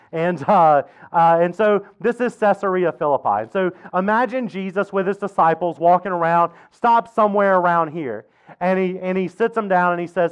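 A man's voice: high-pitched, clean tone, highs cut off. A man preaching a sermon as pastor, in a casual, conversational way with asides to the congregation.

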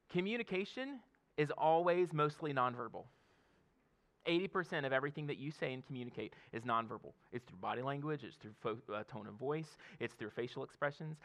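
Gravelly, bright-toned man preaching casually. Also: mid-range voice. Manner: conversational preaching with frequent laughs and "okay?" asides. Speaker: pastor. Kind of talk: sermon.

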